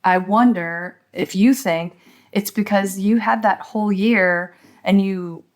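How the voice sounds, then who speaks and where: A woman's voice: medium pitch, slow. A middle-aged woman interviewing a young graduate, asking reflective questions and musing on her answers. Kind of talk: oral history interview.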